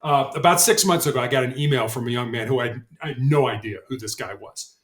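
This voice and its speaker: A man's voice: mid-range voice, fast talker. A middle-aged man, a motivational speaker and guest on a podcast, telling stories in an earnest way and often repeating words as he starts a sentence. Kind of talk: conversational storytelling interview. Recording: roomy echo.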